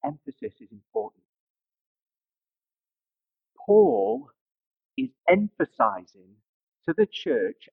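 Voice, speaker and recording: A man's voice: high voice, wildly swooping pitch, takes it slowly, creaky, long pauses, husky, no echo, poor audio. A man preaching a sermon, telling a personal story and building to emphatic rises.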